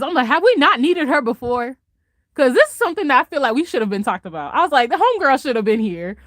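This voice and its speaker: A woman vlogs a casual reaction, gushing eagerly, laughing often, and swinging from loud highs to soft mutters. The clean studio recording carries no room sound.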